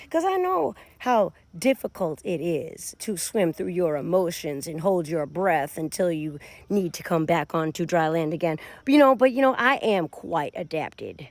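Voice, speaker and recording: A woman's voice: on the low side, a little slow, hardly any pauses, dry recording. A woman giving a casual tarot reading, talking straight to her viewers. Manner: animated, addresses viewers directly. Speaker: tarot reader.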